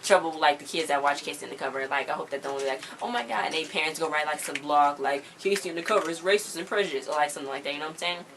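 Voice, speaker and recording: A woman's voice: deep voice, little pitch movement, racing, few pauses, background noise. Chatty woman recapping a TV episode. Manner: chatty, retells scenes with lots of "like" and "you know". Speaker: TV episode reviewer. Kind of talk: casual recap vlog.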